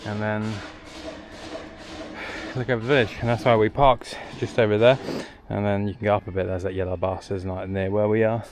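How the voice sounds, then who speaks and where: Low-voiced man chatting on a road trip. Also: flat delivery, a little fast, a little hiss or hum. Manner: chatty, rambling, jokey asides. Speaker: travel vlogger. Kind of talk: casual travel vlog narration. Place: outdoors at hilltop villages and viewpoints.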